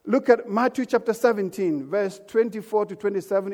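A man's voice: high-pitched, fairly quick, darkish tone. A man preaching a sermon as pastor, emphatic and calling out for amens from the congregation. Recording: echoey church hall.

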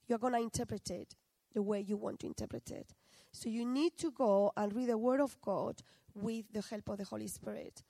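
A woman's voice: a little high, mellow, dry recording, low-quality recording. Woman preaching in a chatty, questioning way. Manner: conversational, asks the audience questions often. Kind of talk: sermon.

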